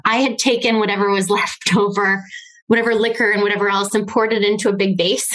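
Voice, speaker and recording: A woman's voice: medium pitch, level tone, fairly quick, a bit bright, poor audio. A woman from Arizona, a podcast guest telling her own story candidly in a chatty way, full of "like" fillers and small laughs. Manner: chatty, frequent "like" fillers, laughs between phrases.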